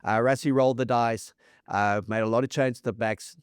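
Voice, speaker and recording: A South African man in relaxed podcast chat about rugby. He sounds enthusiastic, runs through figures and restarts his sentences often. His voice sits mid-range, recorded close and dry. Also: medium pitch, fairly quick, clear, resonant tone, dry recording. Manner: enthusiastic, lists stats, frequent restarts. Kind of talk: casual sports chat.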